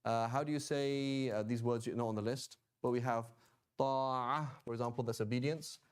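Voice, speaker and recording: A man at a middle pitch teaches a relaxed, chatty class. He keeps checking in with his listeners and slips in easygoing jokes as he explains. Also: moderate pace, clear, resonant tone. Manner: chatty, checks in with "right?" and "okay?"; joking asides. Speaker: Quranic Arabic teacher. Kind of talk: informal class lecture.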